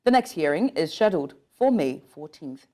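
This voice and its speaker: A woman's voice: sits low, big pitch swings, normal speed, mellow. A woman anchoring a news bulletin, reading stories and then interviewing a guest, with occasional slips and restarts. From Nigeria. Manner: reads with small slips and restarts.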